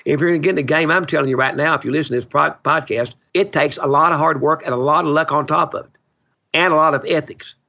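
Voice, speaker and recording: A gravelly man in his seventies talks quickly and bluntly, an opinionated real estate veteran swapping stories as a podcast guest. His tone is bright and forceful. The sound is dull and lo-fi. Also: fairly high pitch, steady tone. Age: 70s. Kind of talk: storytelling interview chat.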